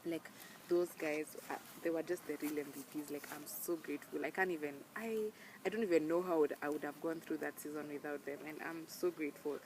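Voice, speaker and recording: A woman's voice: low voice, steady tone, fairly quick, a little mellow. Earnest Kenyan woman, noisy home recording. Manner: earnest, emphatic, mixes in Swahili slang words. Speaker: vlogger. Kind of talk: casual heartfelt talk to camera.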